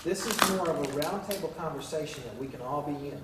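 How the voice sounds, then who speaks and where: A man working as a paranormal investigator, coaxing unseen spirits with gentle, pleading, repetitive talk inside a derelict island building. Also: a little high, animated, quick pace, hardly any pauses, very noisy. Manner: gentle, pleading, repeats himself.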